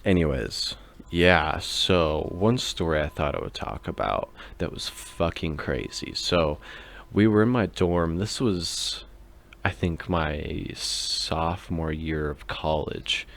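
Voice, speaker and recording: A man's voice: a bass voice, lively intonation, takes it slowly, creaky, a bit bright. A young man in his twenties, hosting a podcast and telling a rambling drinking story in casual, profane talk full of fillers. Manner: loose and profane, lots of fillers. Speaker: podcast host.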